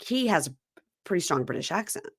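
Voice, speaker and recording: A woman's voice: on the low side, very animated, a little fast, husky, dry recording, clean studio sound. A woman with a Southern American accent hosting a podcast, chatting casually and playfully. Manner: chatty, playful, does mocking impressions. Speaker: podcast host. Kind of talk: casual chat.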